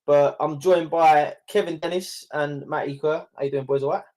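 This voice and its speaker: A man's voice: on the high side, steady tone, normal speed, darkish tone, soft background music. A young man hosting a casual podcast, chatty, swearing and laughing often. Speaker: podcast host. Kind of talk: casual chat.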